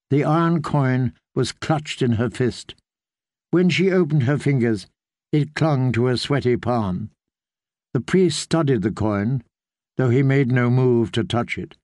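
A man narrating an audiobook in a measured storytelling manner. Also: medium pitch, darkish tone, no room sound, clean studio sound. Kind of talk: scripted narration.

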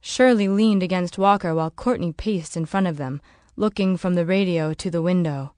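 Steady woman narrating an audiobook. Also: fairly low pitch, normal speed, dry recording, studio quality.

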